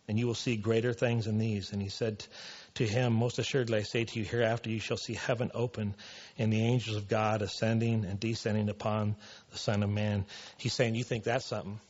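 A man's voice: on the low side, a little mellow, husky, highs cut off. A man preaching a casual sermon in a church, loose and conversational, full of "you know" and "man". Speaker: pastor.

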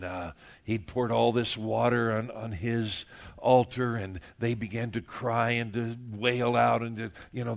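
A man teaching an evening Bible study sermon in a conversational, storytelling manner, often repeating words. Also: fairly low pitch.

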